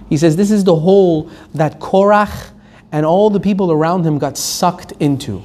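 A man's voice: high voice, normal speed, a little mellow, a little hiss or hum. A man teaching a Torah lesson, telling stories emphatically and acting out the quotes. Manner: emphatic storytelling, acts out quotes.

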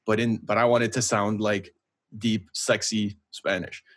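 A young Canadian man co-hosts a podcast, chatting casually and telling jokey, rambling stories. His voice sits on the low side, with a flat delivery and a measured pace.

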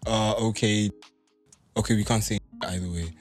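A man's voice: lowish voice, fairly even intonation, moderate pace, soft background music. Playful slangy young man guest. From South Africa. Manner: playful, slangy, teasing interjections. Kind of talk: casual podcast banter.

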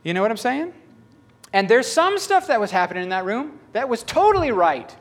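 Male preacher, high voice, very animated delivery, tells stories and acts out the dialogue. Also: a little fast. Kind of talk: storytelling sermon.

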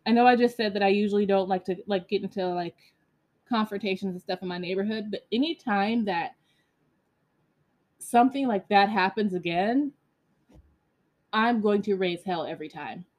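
Woman podcast host, casual storytelling monologue, animated, blunt, profane, lots of fillers, mid-range voice. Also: mid-range voice, normal speed, long pauses.

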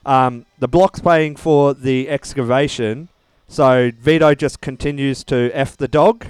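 Blunt man, smooth dry voice. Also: medium pitch, fairly even intonation, unhurried, darkish tone, no room sound. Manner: blunt, sweary, matter-of-fact. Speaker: podcast co-host. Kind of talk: casual recap chat.

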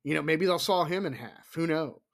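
A middle-aged man hosts his horror podcast alone, rambling casually and swearing freely. His voice sits a touch high and carries a gravelly fry. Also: brisk. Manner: rambling and profane, with hushed whispered asides. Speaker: podcast host.

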